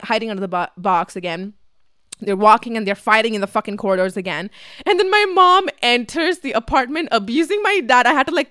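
A young woman vlogger telling a casual, fast, filler-heavy story with lots of swearing, acting out her family's voices as she goes. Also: medium pitch, a bit bright, clean tone, no room sound, studio quality. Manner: acts out family members' voices.

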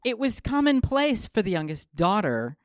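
Lively, jokey man telling a story. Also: high voice, normal speed, no echo, clean studio sound. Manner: playful, jokey, lots of ums and asides. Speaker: podcast host. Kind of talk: comic podcast storytelling.

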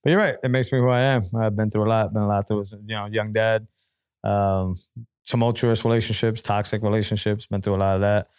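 Rapid, candid male podcaster telling his story, dry close-mic sound. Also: lowish voice, clear, resonant tone, no echo. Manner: candid, fast-talking, animated storyteller. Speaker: podcast host and guest. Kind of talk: casual podcast conversation.

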